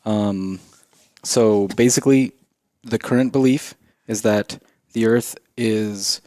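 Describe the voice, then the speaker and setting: A man's voice: on the low side, fairly even intonation, slow pace, a little mellow, no room sound, studio quality. A man co-hosting a podcast, explaining things at length in casual, laid-back chat. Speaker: podcast co-host.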